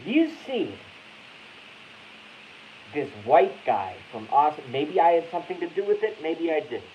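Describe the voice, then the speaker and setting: A man's voice: a little high, sing-song, unhurried. A man from Boston hosting a casual live stream, rambling, swearing and cutting himself off mid-sentence. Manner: rambling, profane, self-interrupting. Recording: dull lo-fi audio with faint hiss.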